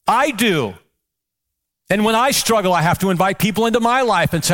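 A man's voice: sits high, lively intonation, a little fast, a bit bright. A male pastor preaching a sermon with passion, firing off rhetorical questions and repeating words as he builds.

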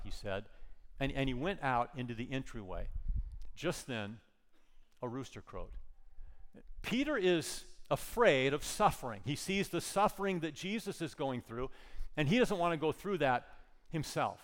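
A man's voice: medium pitch, big pitch swings, normal speed, long reverb tail. A man preaching a sermon, retelling a scripture story and pressing home his points with earnest repetition. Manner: earnest, repeats words, rises to emphatic points. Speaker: pastor.

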